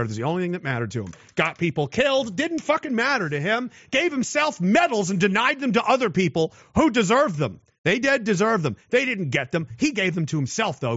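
A man ranting in a combative, profane way, often breaking into shouts. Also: sits high, no room sound. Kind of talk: profane angry rant. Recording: dull, dry lo-fi recording.

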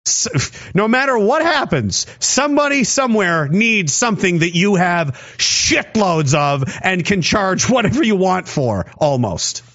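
Male streamer, high voice, sarcastic rambling commentary, dull low-fi sound. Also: very animated, a little slow, a bit bright. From Canada. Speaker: streamer reading chat. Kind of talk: casual livestream commentary.

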